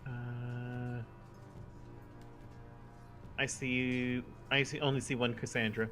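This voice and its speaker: A man's voice: mid-range voice, over music. Man running a tabletop game. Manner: relaxed, halting with many fillers. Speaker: game master.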